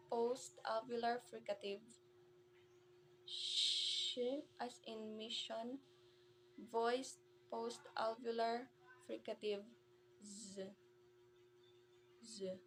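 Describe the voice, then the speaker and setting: A woman's voice: fairly high pitch, background noise. A woman presenting a language lesson, reading out terms carefully and sounding out each example. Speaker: presenter explaining Romanian phonetics. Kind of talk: slow read-aloud lesson.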